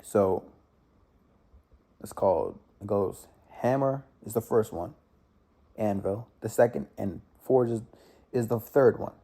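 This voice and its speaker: A man's voice: slow pace, pauses often, mellow. Young man telling a rambling story. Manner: rambling, restarts, sound effects like boom and bow. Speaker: vlogger. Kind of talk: casual storytelling.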